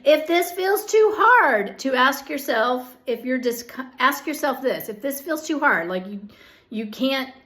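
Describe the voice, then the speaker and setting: A woman's voice: high voice, expressive, measured pace, bright, forceful tone. A woman giving a direct-to-camera psychic energy forecast, earnest and coaxing, often checking in with "okay?" as she speaks straight to the listener. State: hiccups.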